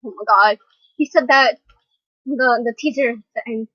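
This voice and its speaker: Young woman fangirling at a video, kinda husky voice, dry dull computer mic. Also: on the high side, unhurried, sharp tone, dry recording. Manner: gushing, fangirling exclamations. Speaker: reaction video host. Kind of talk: excited reaction commentary.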